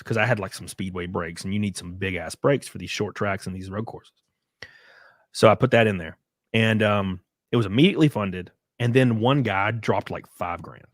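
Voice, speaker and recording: A man's voice: on the low side, normal speed, no echo, clean studio sound. A man telling rambling stories in casual chat, full of fillers and acted-out quotes. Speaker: guest on a live stream.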